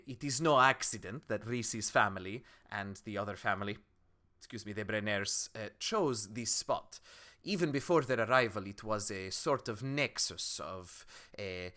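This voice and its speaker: A man voicing a shrewd, businesslike woman herbalist and alchemist in a tabletop game, measured and dry. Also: mid-range voice, pushed and bright.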